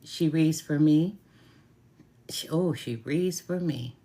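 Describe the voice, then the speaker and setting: Low-pitched woman, middle-aged, casual tarot vlog, heartfelt, repeats herself. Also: slow pace, dark tone. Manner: chatty, repeats phrases for emphasis; heartfelt, openly grateful. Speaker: tarot reader and root worker. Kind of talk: casual talk to camera.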